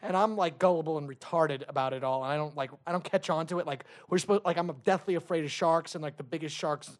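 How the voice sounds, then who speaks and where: A man's voice: on the high side, quick pace. A man telling a rambling story on a casual comedy podcast, full of restarts and asides.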